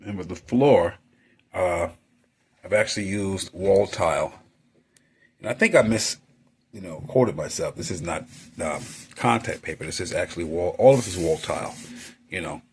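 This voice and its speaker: A man's voice: sits low, expressive, normal speed, long pauses, slightly rough. A man, an artist and model builder, chatting casually at home as he works, with lots of fillers and playful little sound effects.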